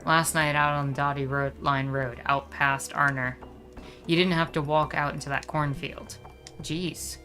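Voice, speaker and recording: A woman reads out a stern female cop from a video game, voiced deep and low. She drags her words in slow, ominous warnings, with soft game music faint underneath. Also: steady tone. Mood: grim warning.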